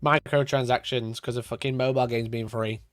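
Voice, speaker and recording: A man's voice: mid-range voice, fairly even intonation, brisk, no room sound, faint music behind. A man from Sheffield with a Yorkshire accent, chatting casually on a live stream, swearing and laughing often as he rants. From Sheffield, Yorkshire, England. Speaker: wargaming streamer.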